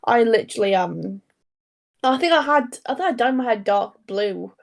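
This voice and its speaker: Girl hosting a true crime pod, chatty, rambly, kinda fry-ish voice. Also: fairly high pitch, lively intonation, moderate pace. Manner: rambling, self-interrupting storyteller. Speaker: podcast co-host. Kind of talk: casual true crime podcast chat.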